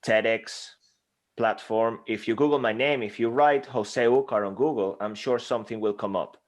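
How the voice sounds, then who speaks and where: A man's voice: medium pitch, moderate pace. A man with a Spanish accent, a speaking coach talking energetically and emphatically as an interview guest. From Spain. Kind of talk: interview conversation.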